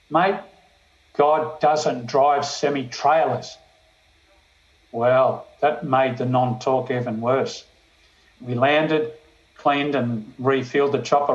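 An older man, a police chaplain giving a storytelling sermon testimony that slows down for emphasis. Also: medium pitch, dull audio. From Australia.

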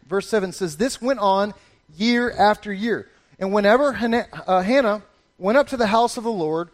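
High-voiced animated male preacher. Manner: animated storytelling, acts out voices with laughter. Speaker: pastor. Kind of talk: sermon.

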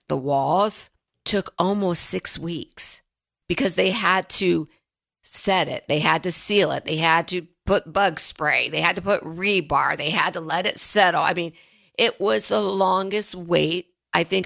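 Low-voiced gravelly woman financial advisor. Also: a bit bright. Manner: storytelling, earnest. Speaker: financial advisor, radio show host. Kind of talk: casual radio chat.

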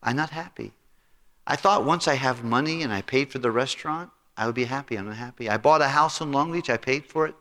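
Preacher doing a sad restaurant guy, pleading and repeating himself, bright voice. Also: mid-range voice, fairly quick, long reverb tail, voice pushed up, close to an everyday voice. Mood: despairing. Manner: pleading, repetitive lament. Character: troubled middle-aged male restaurant owner, searching.

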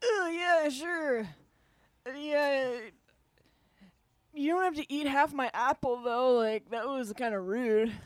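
A woman's voice: high voice, slow, no room sound, studio quality. A woman playing a laid-back surfer dude. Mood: mildly annoyed. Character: laid-back male surf shop guy, slacker type. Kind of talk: improvised comedy sketch.

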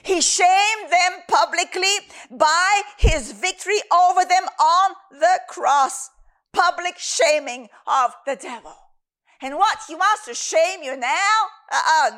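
High-voiced woman preaching emphatically. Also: slow, fairly bright tone. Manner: emphatic, repeats phrases for stress. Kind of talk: sermon teaching.

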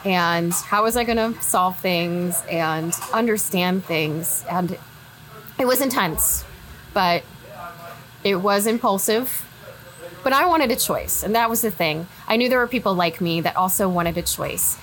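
A woman in her forties with a Midwestern American accent, a candidate telling her story in a casual interview, animated and quick to laugh. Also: medium pitch. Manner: animated, laughs often, acts out quoted friends. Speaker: political candidate guest.

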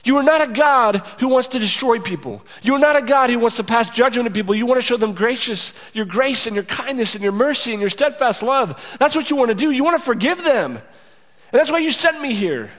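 A preacher playing a resentful, high-pitched prophet. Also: male voice, animated, fairly quick, fairly bright tone. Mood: exasperated. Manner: exasperated, accusing, high-pitched outbursts. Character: indignant male prophet, resentful and complaining. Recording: reverberant hall.

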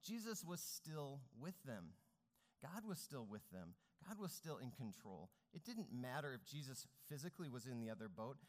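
A man's voice: mid-range voice, big pitch swings, moderate pace. A man preaching a sermon as pastor, speaking earnestly with rising and falling emphasis. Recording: long reverb of a large hall.

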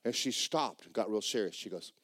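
A man preaching a sermon in church, jumping between loud, high shouts and low muttered asides, mimicking skeptics as he tells stories. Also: animated, brisk, dry recording. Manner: storytelling, mimics skeptics mockingly. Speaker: pastor.

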